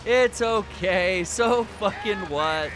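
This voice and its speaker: A man's voice: high voice, slow. A man hosting a live stream, chatting casually, swearing freely and laughing often. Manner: profane, animated, laughs a lot. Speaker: stream host. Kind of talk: casual chat.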